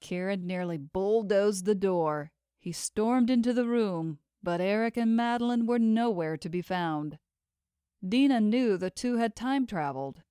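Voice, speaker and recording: A woman narrating a novel in a steady, measured audiobook read. Her pitch sits in the middle. The close studio mic gives a dry sound. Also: clean tone, dry recording. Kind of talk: scripted narration.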